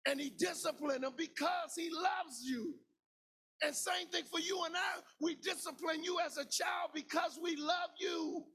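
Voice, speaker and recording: A man preaching a sermon as pastor, in a shouted, sing-song cadence with lots of repetition. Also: very high-pitched, fairly even intonation, unhurried.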